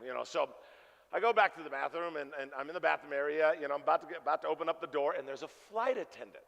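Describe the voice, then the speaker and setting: High-voiced pastor guy cracking jokes in a sermon, gravelly edge, big echoey church. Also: fast. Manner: animated, jokey, acts out dialogue. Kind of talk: storytelling sermon. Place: church sanctuary. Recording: reverberant church hall.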